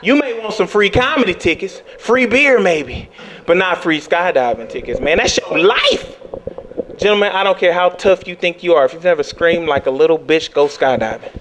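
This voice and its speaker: A young adult man performing a stand-up comedy set, telling animated stories and jumping into high squeals when he acts out panic. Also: normal speed, crowd noise.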